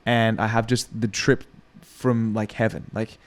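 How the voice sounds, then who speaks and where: A man's voice: fairly low pitch, unhurried. A young man from Australia with an Australian accent, a podcast guest chatting casually and swearing freely as he tells stories about acting. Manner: profane, animated storytelling. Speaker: podcast guest, actor and comedian.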